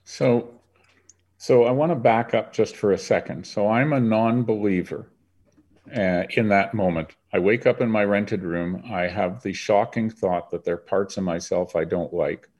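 A man's voice: lowish voice, unhurried, a little mellow. An older man from Canada, a guest in an interview, earnestly recounting his life in a reflective storytelling manner.

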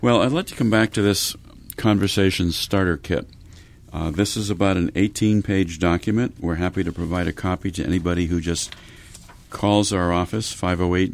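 A man's voice: sits low, creaky. A middle-aged man hosting a radio talk show, folksy and speaking straight to listeners. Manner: folksy, addresses listeners directly. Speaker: radio host.

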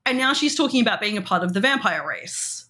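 A woman's voice: medium pitch, lively intonation, fairly quick, sharp tone. A woman co-hosting a podcast, chatting casually with lots of giggles and fillers. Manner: giggly, rambling with many fillers. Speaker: podcast co-host. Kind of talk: casual chat.

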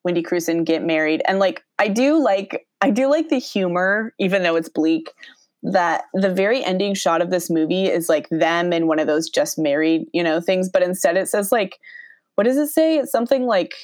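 A woman's voice: lowish voice, moderate pace, darkish tone, dry recording. A woman casually recapping a movie, acting out the characters' lines and laughing often. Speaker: podcast co-host recapping a movie. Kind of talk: casual chat.

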